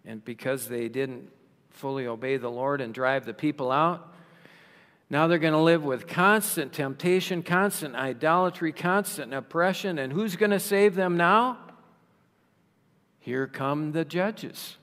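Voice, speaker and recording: A man preaching a sermon in a slow, emphatic way, raising his voice for rhetorical questions. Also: on the high side, a bit bright. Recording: long reverb of a large hall.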